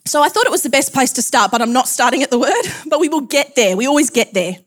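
Woman preacher, high voice, chatty and self-deprecating. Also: lively intonation, fast talker. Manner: chatty, laughs often, self-deprecating asides. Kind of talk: sermon.

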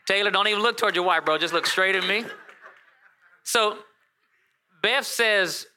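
A male pastor preaching a sermon, telling a story with animated joking asides to his congregation. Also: high voice, normal speed, long pauses.

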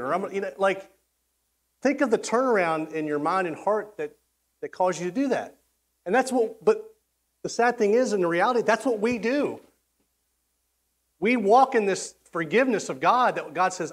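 Male pastor, sermon delivery, casual and conversational, slips into character voices, slightly higher pitch. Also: animated, moderate pace, pauses often. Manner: conversational, acts out quoted voices, frequent restarts.

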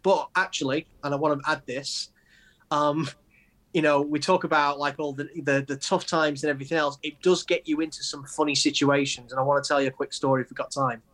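A man in his forties with an English accent, a poet answering interview questions in a halting, earnest way with many restarts. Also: fairly high pitch, fairly even intonation, a bit bright. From England. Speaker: guest, poet. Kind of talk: conversational interview.

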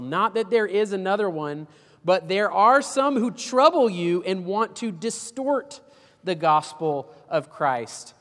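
A man's voice: sits high, long reverb tail. A man preaching a sermon as pastor, folksy and emphatic, with homespun illustrations.

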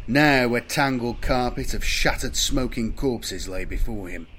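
A man's voice: medium pitch, unhurried, fairly bright tone, slight background noise. Man narrating a sci-fi battle audiobook. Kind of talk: scripted narration.

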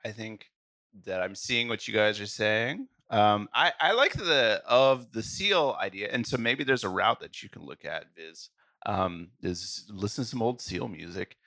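A man's voice: lowish voice, expressive, measured pace, pushed and bright, dry recording, clean studio sound. A man co-hosting a casual music review podcast, laughing often and giving earnest advice. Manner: giggly, gives earnest advice. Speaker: podcast co-host. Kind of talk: casual chat.

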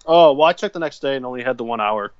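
A man's voice: medium pitch, animated, fast, clear, resonant tone, dry recording, dull audio. A man co-hosting a casual wrestling chat podcast over a remote call, laid-back and swearing freely. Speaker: podcast co-host.

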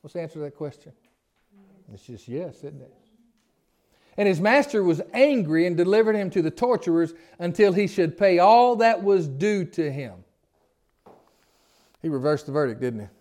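A man with a notably high-pitched speaking voice leads an informal Bible study. He reads scripture aloud, then turns to his listeners with plain, folksy questions, often restarting his phrases as he goes. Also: expressive, moderate pace, pauses often, a little mellow. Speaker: Bible teacher. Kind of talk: conversational Bible study teaching.

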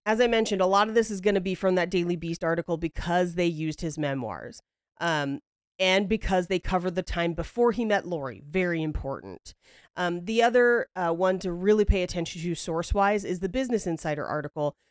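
A woman hosts a podcast and tells the story in loose conversation, wry and a little profane, laughing as she goes. Her voice is smooth and clear. The sound is close and dry, with no room around it. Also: on the low side, no room sound. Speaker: podcast host. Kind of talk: casual storytelling chat.

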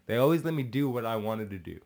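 A man's voice: medium pitch, lively intonation, fast talker, creaky, darkish tone. A man talking casually as a podcast guest, rambling with restarts and swearing, a little tipsy. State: a bit tipsy. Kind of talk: casual chat.

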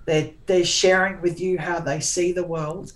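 A woman's voice: fairly low pitch, flat delivery, a little slow, poor audio. A woman in her forties, a guest author, chatting candidly in an interview in a forthright, sarcastic way, often restarting her sentences.

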